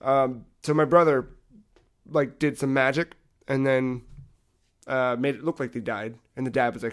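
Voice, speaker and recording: Young man, podcast co-host, casual chat, animated storytelling, swears a lot, mid-pitched voice. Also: moderate pace. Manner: animated storytelling, acting out game characters, frequent swearing.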